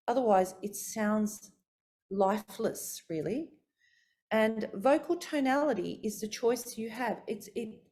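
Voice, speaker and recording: A middle-aged woman vocal coach talks a group through voice warm-ups. Her delivery is expressive and demonstrative, moving between low and high to model technique. Her pitch sits in an ordinary middle range for a woman. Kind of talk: coaching workshop talk.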